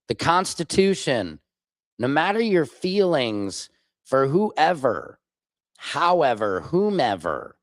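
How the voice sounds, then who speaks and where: A man's voice: mid-range voice, no room sound. Man reacting to chat on a livestream. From Minneapolis. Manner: reacts to clips and chat comments, argumentative, informal. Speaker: livestream host. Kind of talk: casual livestream commentary.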